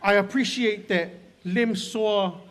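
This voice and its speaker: A man giving a heartfelt eulogy at a funeral service, telling stories haltingly with many pauses. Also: high-pitched, a bit bright. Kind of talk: emotional eulogy. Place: church service hall.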